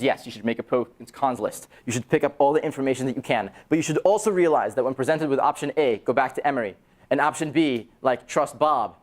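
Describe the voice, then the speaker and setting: A young man in his twenties gives a talk to university students. He tells stories energetically, with a middle-pitched voice that jumps up when he acts out dialogue. His tone is casual and direct. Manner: animated storyteller, acts out quoted dialogue with sudden high excited jumps. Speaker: startup founder giving a talk. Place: university event room, audience present.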